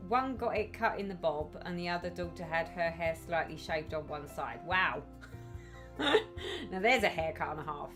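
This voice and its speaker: A woman's voice: deep voice, a little fast, hardly any pauses, music in the background. A woman hosting a casual live stream, chatting and reading out viewers' comments with effusive sympathy.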